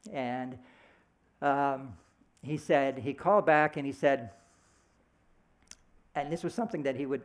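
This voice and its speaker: A middle-aged man giving a sermon in a conversational, storytelling way, slipping into short voiced quotes. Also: medium pitch. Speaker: speaker at a church service.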